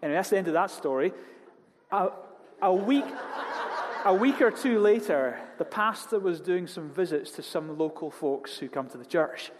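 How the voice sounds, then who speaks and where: A man preaching a sermon, telling jokey stories with animated delivery. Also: high-pitched, normal speed, slight background noise. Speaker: pastor. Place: church hall. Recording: long hall reverb.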